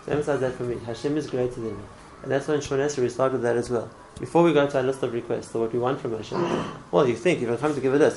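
A man's voice: mid-range voice, racing, creaky, hardly any pauses, darkish tone, slight background noise, low-quality recording. A man teaching a religious class in an earnest way, often repeating words and restarting his phrases. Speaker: Torah teacher.

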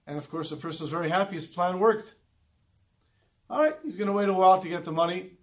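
A man telling a religious folk tale in an animated, dramatic way. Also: high-pitched, fast talker, pauses often. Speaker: storyteller.

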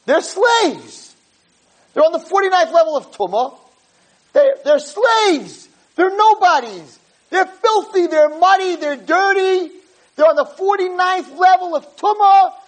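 Shrill indignant angels, a man puts them on. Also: animated, a little slow, rough recording. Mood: scornful. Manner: exclaiming in outraged disbelief.

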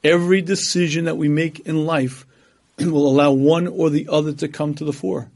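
High-voiced man teaching, clearing his throat often. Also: normal speed. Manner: storytelling, animated quoting of others. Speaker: religious teacher. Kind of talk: lecture on religion.

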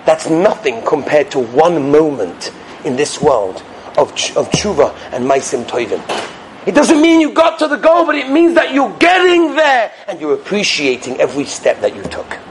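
A man giving a Torah sermon as a rabbi, animated and swinging between loud stresses and hushed asides. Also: fairly high pitch, normal speed, slight background noise.

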